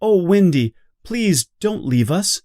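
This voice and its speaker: A man's voice: a little high, huge pitch swings, measured pace, darkish tone, dry recording, clean studio sound, voice pushed up. A man voicing a group of young lost boys in a storybook reading, eager and pleading.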